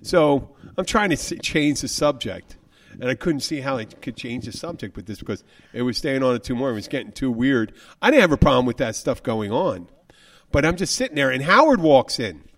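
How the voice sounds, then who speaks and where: A man's voice: mid-range voice, brisk. A man co-hosting a radio show, telling a long rambling story in casual on-air chat and acting out the quotes. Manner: rambling, animated, acts out quotes.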